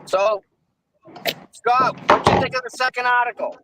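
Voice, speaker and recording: A man co-hosting a casual live stream, with short interjections and a slow drawl. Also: very high-pitched, fairly even intonation, very noisy. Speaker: co-host.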